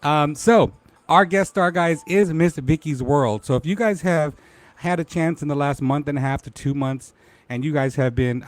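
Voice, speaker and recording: A man's voice: mid-range voice, dry recording. Playful man hosting a live talk show. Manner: playful, laughing, shouting out viewers. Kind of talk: casual live-stream chat.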